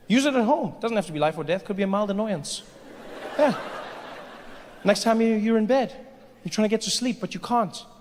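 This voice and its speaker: A man performing a stand-up comedy set on a large stage, telling stories animatedly and jumping into character voices. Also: high voice. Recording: stage mic with long hall reverb, faint hiss.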